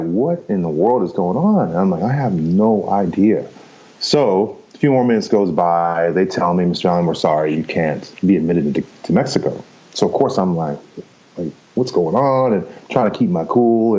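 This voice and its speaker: A man in his fifties from Canada recounts his story as a podcast guest, rambling casually and often checking in with "right?" and "you know." His voice is low and warm, with the highs cut off.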